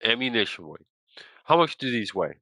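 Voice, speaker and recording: A young man streaming a game, chatting casually and talking to his chat in an exasperated, lively way. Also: medium pitch, moderate pace, no room sound. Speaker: gaming streamer.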